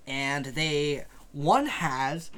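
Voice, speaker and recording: A man's voice: on the high side, expressive, drawn-out words, fairly bright tone, clear, resonant tone. A man running a tabletop game as game master, laid-back, casual and swearing often, with frequent hesitant ums.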